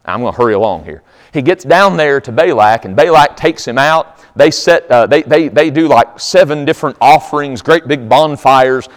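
A man preaching a sermon, retelling a story in a folksy, conversational way. His voice is mid-pitched and swings widely, and a long hall reverb hangs behind every phrase. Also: normal speed. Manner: folksy, animated, with chuckles.

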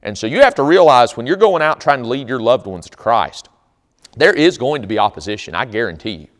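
A man's voice: mid-range voice, very animated, fairly quick. A man preaching a sermon, telling stories in an emphatic, conversational way. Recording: long hall reverb.

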